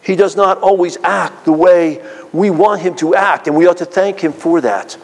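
A man preaching a sermon from the pulpit, earnest and deliberate, drawing out emphatic phrases. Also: sits high. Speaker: pastor. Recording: long hall reverb.

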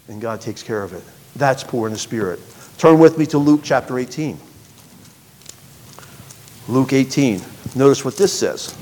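A man preaching a sermon, reading scripture aloud with sharp swings between loud, high bursts and quiet, low passages. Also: expressive, moderate pace, pauses often, long reverb tail. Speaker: pastor.

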